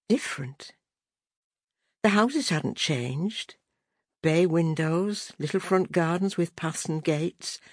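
A woman narrating an unabridged audiobook in a measured, deliberate reading voice. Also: low-pitched, dry recording, clean studio sound.

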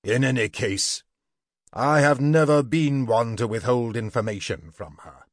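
A man's voice: normal speed, slightly rough, dry recording, clean studio sound. A man doing a thunderous dragon king. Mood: stern. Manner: booming, authoritative. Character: great black male dragon king, thunderous and stern. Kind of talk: storybook reading.

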